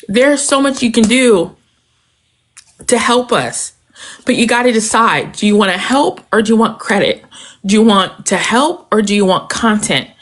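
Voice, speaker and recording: Weary, impassioned woman urging action. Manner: earnest, emphatic, rising to high pitch when urging. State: tired and emotional. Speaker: guest, maternal health advocate. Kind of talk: impassioned talk-show conversation.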